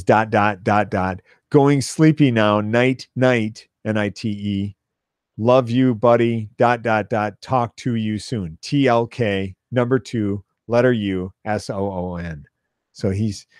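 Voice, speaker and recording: A man's voice: on the low side, a little mellow, no room sound. A middle-aged man hosting his own podcast, rambling through stories in a dry, offhand way with small laughs. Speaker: podcast host. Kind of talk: rambling storytelling monologue.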